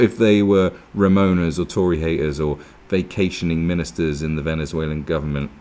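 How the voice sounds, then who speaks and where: A man's voice: extremely low pitch, fairly even intonation, brisk, hardly any pauses, mellow. A man giving a casual, sweary, sarcastic commentary, reacting to an article with mocking asides. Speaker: political commentary vlogger.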